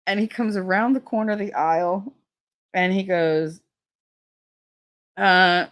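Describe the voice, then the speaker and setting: This vlogger keeps a steady tone and moderate pace, leaving long pauses, her voice fairly bright. She's spinning a profane, gossipy tale and mimicking others' voices with sharp pitch leaps.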